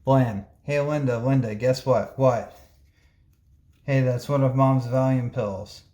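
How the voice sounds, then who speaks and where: A man reading a comic book aloud, giving the lines of every character in a plain, unhurried voice. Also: medium pitch, fairly even intonation, dark tone, reverberant. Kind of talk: reading a comic aloud, voicing all parts.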